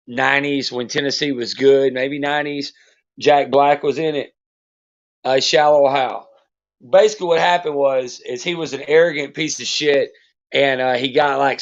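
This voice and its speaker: A man ranting bluntly and profanely as a podcast host, in loose casual talk. His voice sits somewhat high. The recording sounds dull and lo-fi. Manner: profane, blunt sports rant.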